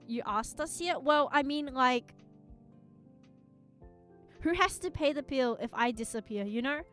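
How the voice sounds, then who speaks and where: A woman streamer chats casually with her viewers. She is playful and teasing and giggles easily. Her voice is high and her pace unhurried, and soft music plays behind her. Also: expressive. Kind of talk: casual chat.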